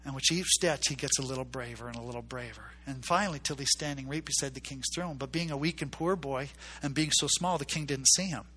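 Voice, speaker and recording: A man's voice: mid-range voice, fairly quick, hardly any pauses, sharp tone, husky. A man preaching a sermon, telling a story and acting out its characters' voices with emphatic repetition.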